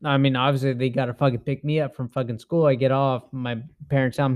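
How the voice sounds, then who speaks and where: A man's voice: mid-range voice, level tone, fast talker, no room sound, muffled recording. A young man co-hosting a podcast, telling stories in a rambling way full of swearing and filler words. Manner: profane rambling storyteller, heavy filler words; acts out quoted voices in his stories. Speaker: podcast co-host. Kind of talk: casual chat.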